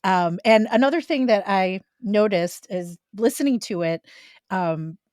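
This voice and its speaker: A woman's voice: mid-range voice, unhurried, darkish tone, no room sound, studio quality. A woman co-hosting a podcast, talking in a playful, teasing way and laughing easily. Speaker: podcast co-host. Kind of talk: casual chat.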